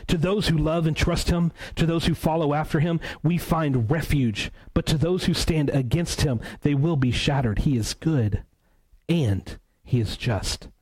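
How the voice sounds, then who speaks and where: A male pastor preaching a sermon in an earnest, emphatic way, reading scripture aloud slowly. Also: mid-range voice, darkish tone, husky, poor audio.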